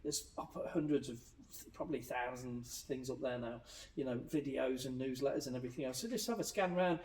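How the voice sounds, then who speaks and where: Brief: quick, animated male coach guest with a mellow tone, heard from a little way off the mic. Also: mid-range voice. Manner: animated, explains with examples and anecdotes. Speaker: hypnotherapist and life coach guest. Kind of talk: casual podcast conversation. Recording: roomy echo, distant mic, faint ambience.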